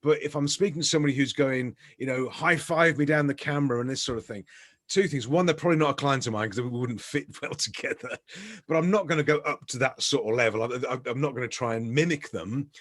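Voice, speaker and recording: Male coach, conversational, mid-pitched voice, easygoing panel chat. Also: fast. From England. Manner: chatty, self-deprecating, lots of restarts. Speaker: business coach.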